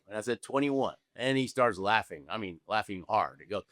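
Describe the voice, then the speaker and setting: A man's voice: on the low side, brisk, few pauses, no echo, clean studio sound. A man in his sixties from Argentina, a guest telling his story in an interview, acting out dialogue and checking in with "okay?" and "right?". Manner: animated storyteller, acts out dialogue, frequent "okay?" tag questions. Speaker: guest, Olympic luge athlete.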